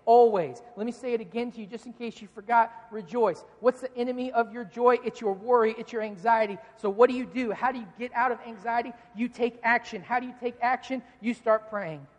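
Pastor, sermon, rhetorical questions, repeats key lines, mid-pitched voice, long hall echo. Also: brisk, hardly any pauses. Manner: asks rhetorical questions and answers them.

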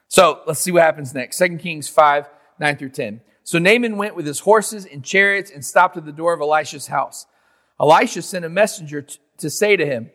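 A man's voice: on the high side, a little fast, a bit bright, long reverb tail. A man preaching a sermon in a conversational way, acting out biblical figures in modern slang. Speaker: pastor.

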